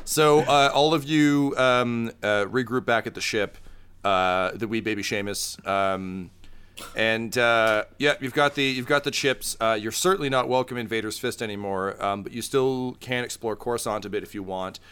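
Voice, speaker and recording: A man's voice: medium pitch, steady tone, moderate pace, a bit bright, smooth. A man running a tabletop game as game master, laid-back and full of fillers.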